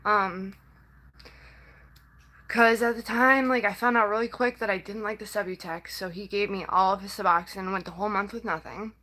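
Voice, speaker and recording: Her mid-range voice is steady yet bright and forceful as this young woman rambles to her viewers in casual personal talk. She halts often, leans on "like" and "um," and gets emotional enough to nearly cry at times, all on a rough recording.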